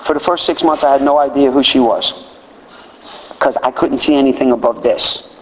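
A man's voice: mid-range voice, steady tone, moderate pace, big-room sound, dull audio, slight background noise. A man in his fifties telling self-mocking, candid stories to an audience as he shares his recovery. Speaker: speaker sharing a recovery story. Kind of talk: comic storytelling talk to an audience.

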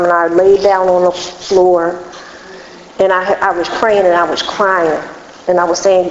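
A woman's voice: medium pitch, slight background noise. A woman giving candid personal testimony as a speaker at a recovery meeting, talking in an earnest, frank, conversational way. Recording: dull, echoey hall recording.

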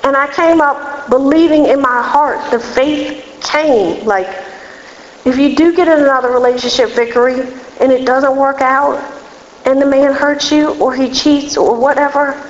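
A woman speaks frankly and earnestly, sharing her own story at a recovery meeting in a candid, conversational testimony. Her voice sits a little high and rings out with a long echo through a large hall. The recording sounds dull, with a faint hum of room ambience behind her. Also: fairly even intonation, a little slow.

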